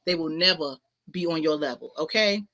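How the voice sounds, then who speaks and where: A woman with a low-sitting, pushed and bright voice, speaking at normal speed, hosts a spiritual talk show as a casual motivational livestream from her home. She preaches self-worth emphatically, using slang and repetition, on a webcam-style stream with a ring light setup.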